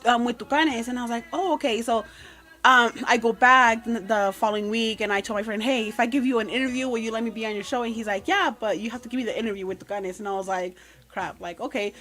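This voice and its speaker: A woman's voice: a little high, steady tone, fast, fairly bright tone. A woman, a podcast guest telling long casual anecdotes with plenty of fillers. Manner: chatty, code-switching anecdotes with many fillers.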